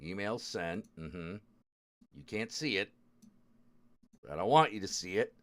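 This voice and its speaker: A man's voice: low voice, very animated, measured pace. A man hosting a live stream, muttering and swearing in frustration as he struggles with apps. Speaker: streamer host. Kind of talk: casual live-stream chat.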